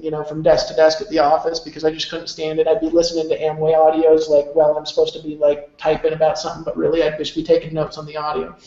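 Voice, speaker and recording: A man's voice: on the high side, a little mellow. A man giving a rambling, emphatic motivational talk with casual cursing. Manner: emphatic, rambling, salty language. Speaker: motivational speaker. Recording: very echoey, dull lo-fi room sound.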